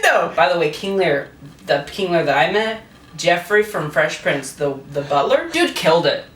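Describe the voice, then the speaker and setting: A man's voice: high-pitched, big pitch swings, moderate pace, fairly bright tone, roomy sound, far from the mic, a little hiss or hum. A tipsy man rambling through a crude, laughing comic retelling of a play. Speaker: host.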